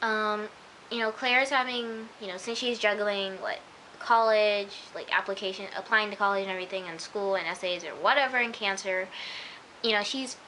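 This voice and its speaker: A woman's voice: mid-range voice, steady tone, normal speed, sharp tone, a little hiss or hum, low-quality recording. A woman chatting casually to camera at home, rambling with lots of "like" and "oh my gosh" as she reviews an episode. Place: at home, in pajamas.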